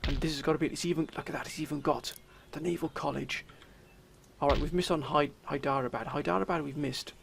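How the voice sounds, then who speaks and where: A man commentating his strategy game, theatrically addressing viewers as sir and gentlemen. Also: on the high side, steady tone, quick pace, vocal fry, noisy background. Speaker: let's play commentator.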